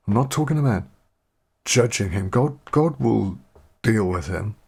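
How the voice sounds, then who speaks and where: A man hosting a podcast, reading Bible verses slowly and then reflecting on them in his own words. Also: mid-range voice, very animated, gravelly, darkish tone, breathy edge. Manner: reads scripture aloud slowly, then muses and paraphrases. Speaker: podcast host and Bible teacher.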